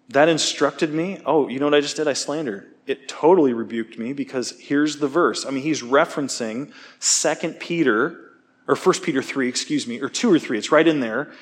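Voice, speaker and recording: Man giving a chatty, emphatic sermon. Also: on the high side. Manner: conversational, emphatic, animated storytelling. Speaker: teacher. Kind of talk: casual sermon talk.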